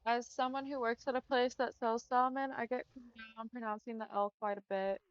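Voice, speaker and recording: A young Texan woman chats casually with viewers while streaming a game, saying "y'all" and "like" a lot. Her fairly high voice has little pitch movement and a fairly quick pace, in a dry, lo-fi recording.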